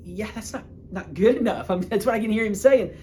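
A man preaching a sermon, retelling a Bible story in a casual, humorous way with quick bursts of speech. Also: sits high, a little mellow, a little hiss or hum.

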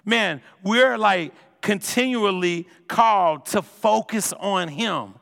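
High, bright-voiced energetic preacher man. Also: slow, creaky. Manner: energetic, conversational preaching, says "man" constantly. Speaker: pastor. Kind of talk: sermon. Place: church sanctuary. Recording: long hall reverb.

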